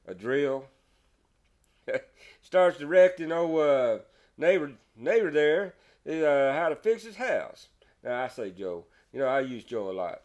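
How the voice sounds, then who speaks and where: A man's voice: fairly high pitch, darkish tone. A man from Texas with a Texas accent, telling a joke in his woodworking shop in a folksy, rambling way and chuckling as he goes. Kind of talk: casual storytelling.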